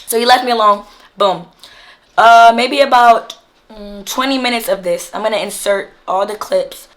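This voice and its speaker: Animated woman telling a storytime. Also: fairly high pitch, moderate pace. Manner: animated, slangy, acts out what others said. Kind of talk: casual storytime chat.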